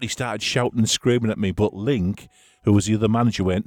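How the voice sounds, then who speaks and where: Man, low-pitched, casual chatty anecdote teller, dry recording. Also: moderate pace, darkish tone, no echo. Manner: chatty, chuckling, rambling storyteller.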